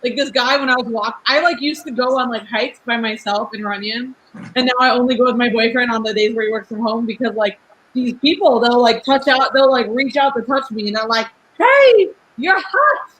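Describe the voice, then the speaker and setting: A woman's voice: fairly high pitch, steady tone, a bit bright, low-quality recording. A young woman in her twenties talking in a casual podcast chat as a guest. She is outspoken, laughs often and fills her talk with "like". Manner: fast, chatty, lots of "like" fillers. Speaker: guest, rapper.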